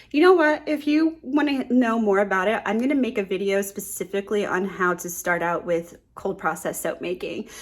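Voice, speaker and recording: A young woman casually talking through making soap at home, rambling with lots of fillers and restarts, a bit out of breath. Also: mid-range voice. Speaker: small business owner making soap. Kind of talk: casual how-to vlog.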